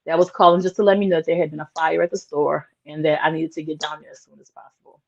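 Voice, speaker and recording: A woman's voice: low-pitched, steady tone, fast talker, a little mellow, a little hiss or hum. Woman, interview guest, earnest and emotional storyteller, dull lo-fi sound. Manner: earnest, emotional, many "like" fillers. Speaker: interview guest, small business owner.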